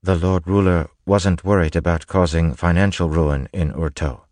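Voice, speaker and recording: A man voicing a calm, scholarly man who speaks in a measured, formal way. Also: deep voice, no echo, natural voice.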